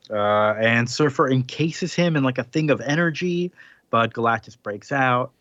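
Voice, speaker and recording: Relaxed man recapping comics, dry sound. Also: mid-range voice, normal speed, no room sound, lo-fi sound. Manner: relaxed, filler-heavy storytelling with mock voices. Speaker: podcast co-host. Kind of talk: casual comic-book recap chat.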